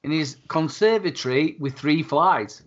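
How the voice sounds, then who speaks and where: A chummy man rambles through friendly banter on a livestream. His voice sits a bit high. The audio is dull and lo-fi. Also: animated, a little slow. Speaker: guest streamer. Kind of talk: casual chat.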